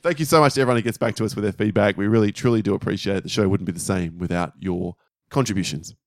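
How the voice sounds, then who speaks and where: A man's voice: fairly low pitch, no echo, clean studio sound. A man co-hosting a movie podcast, reading listener feedback in a wry, casual way. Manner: brisk, wry, laughs easily. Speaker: podcast co-host.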